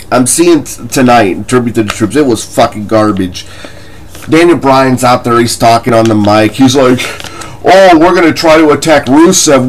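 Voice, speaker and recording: A man's voice: fairly low pitch, slight background noise, rough recording. A man ranting in a wrestling commentary vlog, profane, combative and mocking, with scoffing laughs between points.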